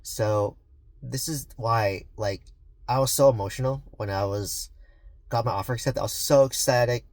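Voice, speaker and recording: A man's voice: mid-range voice, normal speed, darkish tone, no echo. A man vlogging about real estate investing, talking earnestly and rambling with many fillers and restarts. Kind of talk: casual vlog talk to camera.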